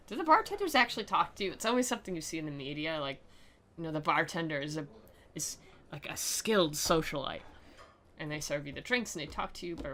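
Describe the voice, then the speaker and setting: A woman's voice: fairly low pitch, sharp tone. A young woman streaming a dramatic reading of a visual novel, mixing narration with sarcastic jokes and replies to chat. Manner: sarcastic, joking running commentary.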